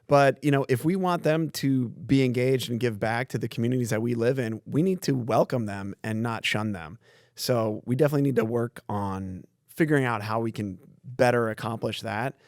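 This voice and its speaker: Easygoing man guest, mid-pitched, frank and anecdotal, dry close podcast mic. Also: no room sound. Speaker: community foundation staff. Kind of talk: casual podcast conversation.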